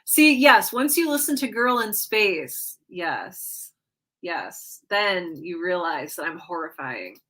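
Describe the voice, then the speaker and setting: A woman's voice: lowish voice, sing-song, takes it slowly, a bit bright. A woman hosting a livestream in casual chat, reading viewer comments aloud and reacting in an upbeat, playful way. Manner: playful self-teasing, frequent "like" and "um".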